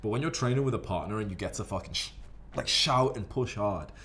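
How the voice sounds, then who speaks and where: A man with a somewhat low voice speaks in a loose, profanity-laced monologue, rambling and animated. Faint background noise sits under him. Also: a little fast. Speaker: fitness vlogger. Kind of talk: casual monologue to camera.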